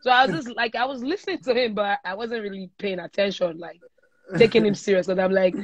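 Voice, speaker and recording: Dull lo-fi livestream audio, picked up by a phone, carries a young adult woman with a Nigerian accent talking fairly quickly in a mid-range voice. She's a singer guest in a casual interview, a lively storyteller who mixes in pidgin.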